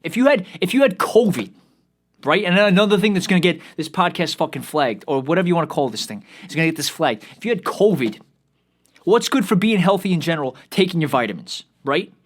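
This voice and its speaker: A man's voice: a little high, animated, a little fast. A young man hosting a solo podcast, ranting heatedly, swearing constantly and repeating himself as he restarts. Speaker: podcast host. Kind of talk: profane solo rant.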